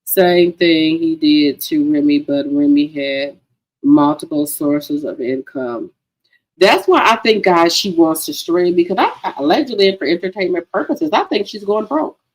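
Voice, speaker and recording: A woman's voice: low voice, lively intonation, unhurried, rough recording. A woman hosting a casual gossip livestream, chatty and profane, talking to her viewers as girlfriends. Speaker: livestream host.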